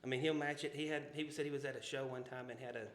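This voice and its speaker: A man's voice: medium pitch, steady tone, quick pace. A man with a Southern US accent telling rambling, folksy stories in a casual podcast chat, full of restarts and asides. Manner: rambling, folksy, many restarts and "you know". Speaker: podcast co-host. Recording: roomy echo with faint background ambience.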